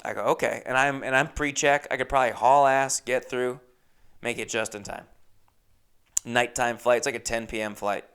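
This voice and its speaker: A young podcast host from Los Angeles tells a casual story with lively asides, acting out other people's lines and swearing freely. His voice is smooth and medium-pitched, at a normal speed.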